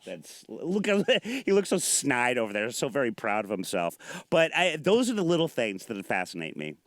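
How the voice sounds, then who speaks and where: A man's voice: mid-range voice, big pitch swings, fairly bright tone, no echo. A man hosting a casual morning talk show in a studio, joking and rambling between questions. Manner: joking, rambling, quick asides. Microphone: studio mic.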